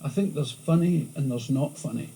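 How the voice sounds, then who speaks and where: On an old VHS tape with faint hiss and poor audio, a comedian from Scotland speaks with a thick Glasgow accent, chatting candidly as an interviewee. His medium-pitched voice moves at normal speed with some vocal fry, and his lively stories keep restarting.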